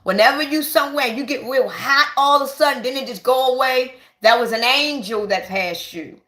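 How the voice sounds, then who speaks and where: A woman, giving an excited, emphatic spiritual monologue to her viewers and repeating herself for stress. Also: high voice, moderate pace. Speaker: spiritual vlogger. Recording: echoey room.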